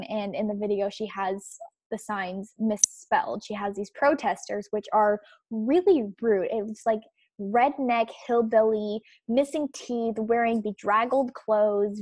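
A woman's voice: medium pitch, a little mellow, no echo. A young woman hosting a podcast, giving sarcastic opinionated commentary and reading quotes aloud. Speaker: podcast host.

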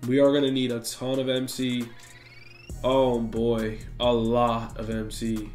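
A young man giving excitable, slang-heavy commentary on a basketball video game and talking straight to his viewers. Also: medium pitch, a little slow. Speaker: gaming YouTuber. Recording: echoey room with faint music.

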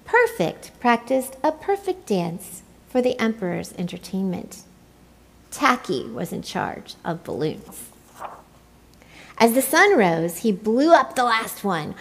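A woman's voice: a little high, takes it slowly, gravelly. Woman reading a storybook expressively. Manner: expressive, playful. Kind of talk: reading a picture book aloud. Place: church.

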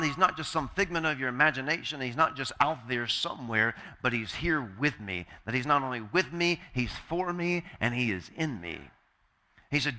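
A male pastor delivers a sermon in a fairly high, sharp and forceful voice. He hammers home key phrases by repeating them and throws questions out to the congregation for them to answer. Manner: addresses congregation directly with call-and-response questions.

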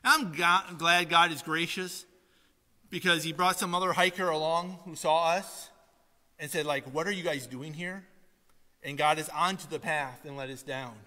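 A male pastor preaching an animated sermon, telling stories and breaking into loud, emphatic calls to his congregation. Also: on the high side, moderate pace, in a large hall. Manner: animated storytelling with sudden loud emphatic exhortations. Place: church sanctuary.

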